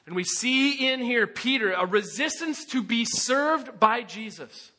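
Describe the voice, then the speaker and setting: A man's voice: very high voice, expressive, a little slow, few pauses, sharp tone. A man preaching a sermon as pastor, earnest and emphatic, asking the congregation rhetorical questions.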